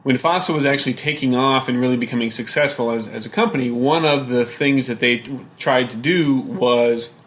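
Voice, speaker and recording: A man's voice: mid-range voice, brisk, hardly any pauses, fairly bright tone. Male co-host, casual and rambling, mid-range voice, heavy on fillers. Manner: rambling, with many fillers and restarts. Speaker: podcast co-host. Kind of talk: casual chat about games.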